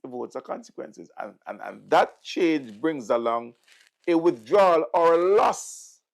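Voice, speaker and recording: Vincentian guy ranting sarcastic about politics, gravelly, pitch jumping all over. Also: animated, a little slow, slight background noise. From St Vincent and the Grenadines. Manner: mocking, sarcastic, repeats words for emphasis. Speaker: host. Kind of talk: political commentary.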